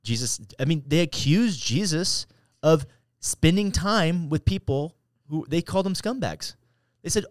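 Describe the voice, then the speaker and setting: A man's voice: fairly high pitch, animated, moderate pace, dry recording. A man co-hosting a faith podcast, talking casually but preaching, often repeating himself and quoting scripture. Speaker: podcast co-host.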